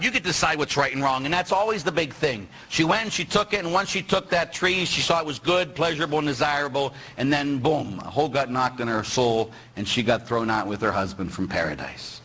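A middle-aged man, a Catholic priest, giving a lively, teasing sermon in which he acts out the voices of the people he quotes. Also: on the high side, a little fast, husky, low-quality recording.

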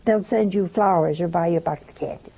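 Woman, sermon, gravelly, warm mellow tone, humorous storytelling, slow emphatic phrasing. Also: fairly low pitch. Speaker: religious speaker.

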